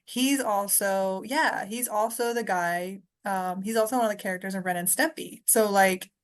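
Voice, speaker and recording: A woman's voice: medium pitch, moderate pace. Rambling, laughing woman co-host with a mid-range voice, casual podcast chat. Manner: chatty, rambling, laughs often.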